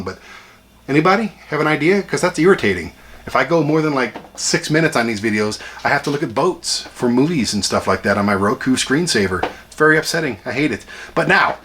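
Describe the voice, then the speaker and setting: A man hosting a casual home vlog, chatty and excitable with rambling asides. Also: medium pitch, a little hiss or hum. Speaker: channel host ranking toy collection. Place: home room with a TV.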